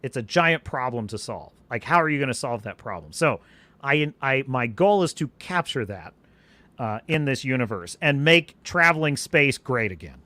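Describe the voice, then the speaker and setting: A man's voice: mid-range voice, normal speed, no room sound. A man hosting a live stream, chatting in a rambling way and answering viewers' questions. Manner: animated, rambling, restarts sentences. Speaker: podcast host.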